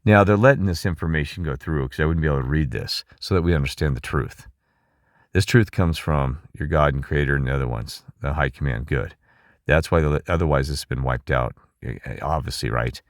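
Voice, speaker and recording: A man's voice: extremely low pitch, a little fast, no room sound, clean studio sound. A middle-aged man talking in a rambling, emphatic monologue, asking listeners questions and restarting his sentences. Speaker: channel host.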